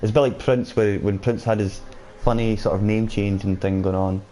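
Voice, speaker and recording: A man's voice: lowish voice, steady tone, moderate pace, warm tone, a little hiss or hum. A man casually chatting with viewers while streaming a game, reading out their comments as he plays. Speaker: gaming streamer. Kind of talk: casual live-stream chat.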